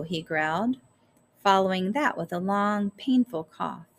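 Woman reading an audiobook, slow and a little gravelly, careful delivery. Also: lowish voice, lively intonation. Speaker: audiobook narrator. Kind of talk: scripted narration.

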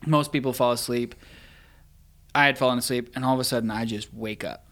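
A young man casually telling an embarrassing story, animated and laughing as he goes. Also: medium pitch, fairly quick. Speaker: guest storyteller.

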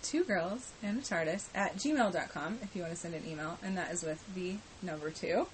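A woman's voice: lowish voice, a little fast, a little hiss or hum, low-quality recording. A woman co-hosting a casual podcast, laid-back and giggly, often trailing off mid-thought. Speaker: podcast co-host. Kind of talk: casual chat.

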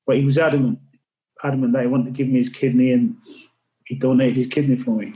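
A man's voice: medium pitch, steady tone, fairly quick, mellow, poor audio. Earnest man telling his story. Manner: earnest, repeats and restarts words while recalling. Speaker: podcast guest. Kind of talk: candid interview storytelling.

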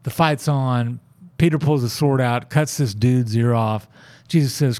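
A man's voice: medium pitch, fairly even intonation, a little slow, a little mellow. Folksy man telling Bible stories. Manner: folksy, conversational, acts out quoted lines. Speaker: church member sharing his faith story. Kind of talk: casual testimony and Bible storytelling.

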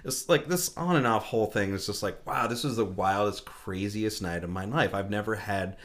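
A man's voice: lowish voice, moderate pace, a bit bright. A young American man telling a long story in casual chat, rambling with many "like"s and "you know"s, laughing as he goes and acting out his own lines. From United States.

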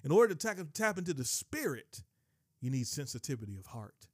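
Guy preaching, kinda high voice for a man, keeps repeating himself for emphasis, dry close sound. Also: sing-song, fairly quick, darkish tone, breathy edge, no room sound. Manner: emphatic, repeats and restarts phrases. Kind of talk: sermon teaching.

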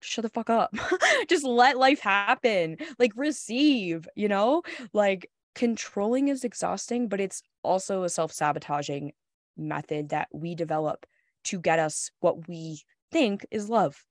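A woman's voice: medium pitch, expressive, measured pace, no echo, studio quality. A woman hosting a podcast as a coach, talking frankly and casually, laughing often and swearing freely.

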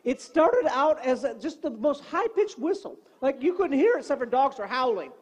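Pastor guy cracking jokes in his sermon, lively storyteller, middle-aged. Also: very high-pitched, moderate pace. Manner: animated, comic, preacherly.

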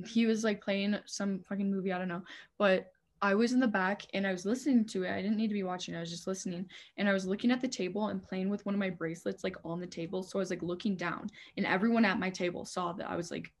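A woman's voice: mid-range voice, fast. Young woman swearing through casual stories. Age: young adult. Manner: animated storytelling, swears a lot. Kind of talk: casual chat.

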